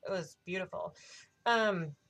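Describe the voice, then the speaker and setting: A woman in her thirties telling a story in a casual vlog, excitable and gushing, with a habit of swearing. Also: on the low side, a little slow. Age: 30s. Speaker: vlogger.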